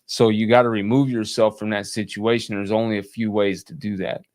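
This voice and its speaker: A man in casual conversation, speaking slowly and plainly with frequent restarts and fillers. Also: lowish voice, fairly even intonation, darkish tone, no room sound, studio quality. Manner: slow, halting, plainspoken, many restarts. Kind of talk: casual conversation about life after prison.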